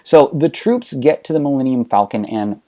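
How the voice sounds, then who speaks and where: A man's voice: medium pitch, lively intonation, moderate pace, warm tone. A man telling a comedic retelling of a space saga in a casual, offhand way. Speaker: host and narrator. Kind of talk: comedic storytelling narration.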